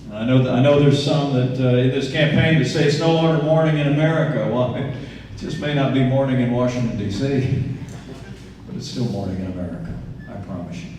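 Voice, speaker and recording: A man's voice: medium pitch, fairly quick, darkish tone, a little hiss or hum. A man in his sixties from Indiana giving a campaign speech, telling earnest stories with folksy asides. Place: event venue, large indoor room. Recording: echoey hall, distant mic.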